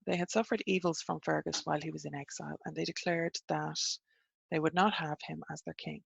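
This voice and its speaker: Gravelly Irish woman reading old lore. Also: deep voice, fairly even intonation, fairly quick, no echo, lo-fi sound. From Ireland. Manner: blunt, chatty, reads aloud with asides. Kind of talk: casual reading and commentary.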